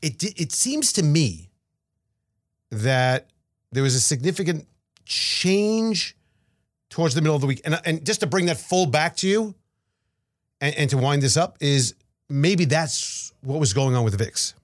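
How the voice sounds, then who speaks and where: In studio-quality sound with no echo, a podcast co-host with a slightly high voice speaks at a measured pace, pausing often. His casual market talk is animated and rambling, full of restarts and repeated words.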